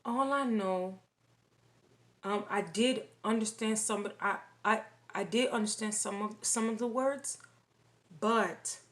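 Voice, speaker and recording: A woman recounting a dream in casual spoken testimony, halting and repeating phrases with many restarts. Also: medium pitch, fairly bright tone.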